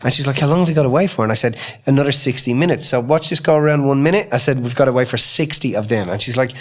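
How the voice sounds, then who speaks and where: A man's voice: mid-range voice, racing. A middle-aged man co-hosting a podcast, telling a family story in casual chat, acting out the voices with lots of restarts. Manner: animated storyteller, acts out quoted dialogue, frequent restarts. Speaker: podcast co-host.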